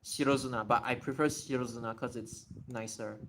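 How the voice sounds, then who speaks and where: A man's voice: medium pitch, fairly even intonation, a little fast, a bit bright, a little hiss or hum. A man hosting a casual live Q&A, thinking aloud, repeating and restarting words as he tests how they sound. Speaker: livestream host. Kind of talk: casual live Q&A explaining Japanese readings.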